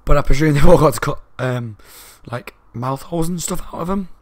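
A man giving a casual spoken book review, talking fast and loud and rambling along with asides. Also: fairly high pitch, dry recording.

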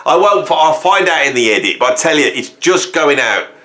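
A middle-aged man hosting a music channel, ranting at his viewers in a theatrical, self-mocking way, swinging from hushed asides to loud bursts. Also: fairly high pitch, animated, normal speed. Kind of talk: casual mock-rant to camera. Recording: echoey room.

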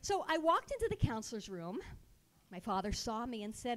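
A woman telling a comic personal story at a live show with sarcastic, animated delivery into a stage mic. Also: a little high, normal speed.

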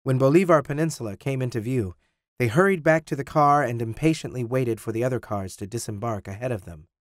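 A man narrating an audiobook with expressive storytelling. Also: medium pitch, brisk, no echo, clean studio sound. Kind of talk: scripted narration.

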